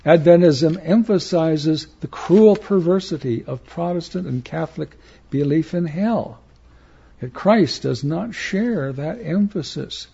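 A man delivers a measured sermon with earnest emphasis, his voice pitched a little high yet dark and mellow in tone. There is a gravelly, husky edge to his speech. The recording sounds dull and lo-fi. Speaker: preacher. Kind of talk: slow measured sermon reading.

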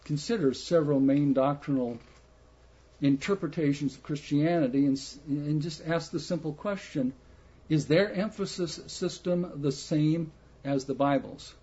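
A man preaching a sermon slowly and emphatically, putting rhetorical questions to his listeners. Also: a little high, warm tone, husky. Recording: muffled lo-fi recording.

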